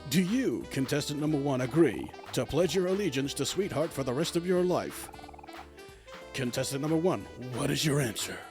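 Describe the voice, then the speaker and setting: A man voicing a theatrical showman who announces and hosts a dating show, in a grandiose, drawn-out delivery. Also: fairly high pitch, animated, over music. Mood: showy.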